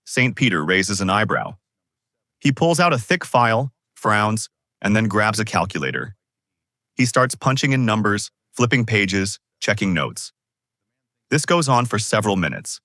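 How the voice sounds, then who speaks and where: A man reading jokes as a lively storyteller. His voice sits lowish but sounds bright, with big swings in pitch. The sound is dry and close. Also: moderate pace, no room sound. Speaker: joke narrator. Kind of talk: scripted joke narration.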